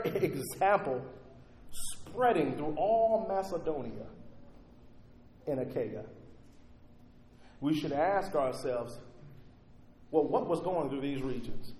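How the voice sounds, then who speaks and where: Male preacher, sermon delivery, high voice, booming then hushed, long reverb of a church hall. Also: a little hiss or hum. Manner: dramatic swings between loud emphasis and hushed near-silence, drawn-out key words. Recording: echoey hall.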